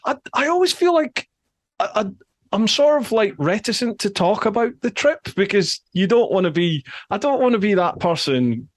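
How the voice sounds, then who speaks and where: A man's voice: high voice, sing-song, moderate pace. A man hosting a podcast, chatting casually and venting in a frank, self-deprecating way. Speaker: podcast host. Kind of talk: casual chat.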